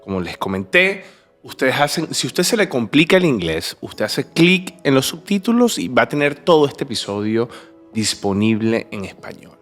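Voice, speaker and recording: A man's voice: medium pitch, sing-song, brisk, soft background music. Man hosting a bilingual podcast. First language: Spanish. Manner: enthusiastic, repeats and restarts, slips between languages. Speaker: podcast host.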